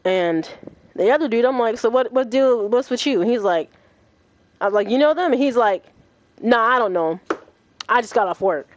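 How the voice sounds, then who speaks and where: A young adult woman hosting a gaming livestream, telling a story in casual chat, profane and animated, acting out what others said. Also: a little high, normal speed, pauses often. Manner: animated, profane, acts out quoted voices.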